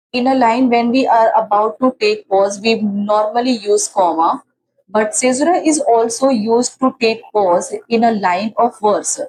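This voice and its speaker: A woman's voice: a little high, darkish tone, poor audio. A woman teaching literary terms in an exam-prep lecture, restating each definition several times with fillers and restarts. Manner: explains by repeating definitions.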